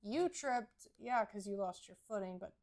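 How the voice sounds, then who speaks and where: A woman's voice: medium pitch, expressive, moderate pace, darkish tone. A woman co-hosting a casual podcast chat about horses, earnest and explanatory as she gives advice. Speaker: podcast co-host.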